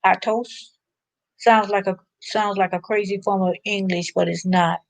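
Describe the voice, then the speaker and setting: A woman's voice: medium pitch, little pitch movement, moderate pace, creaky, dry recording. A woman hosting a casual livestream chat with viewers, chatty and laughing often, sounding a little drained. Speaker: livestream host.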